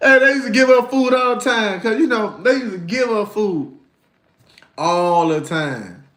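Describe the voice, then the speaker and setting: Male livestream host, high voice, lively storyteller who acts out voices, echoey room. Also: unhurried. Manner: animated storytelling, acts out voices, laughs often. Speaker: livestream host reading chat. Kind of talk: casual livestream chat.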